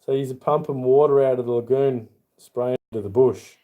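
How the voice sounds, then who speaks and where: A man's voice: medium pitch, steady tone, normal speed, phone-quality sound. An Australian man hosting a casual livestream, rambling in a friendly way as he answers chat by name and calls people mate. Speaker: livestream host.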